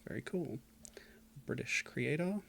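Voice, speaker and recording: A man's voice: mid-range voice, expressive, unhurried, vocal fry, a bit bright, a little hiss or hum. A man streaming a game, chatting casually and reading game text aloud with dry, self-mocking asides. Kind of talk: casual gameplay commentary.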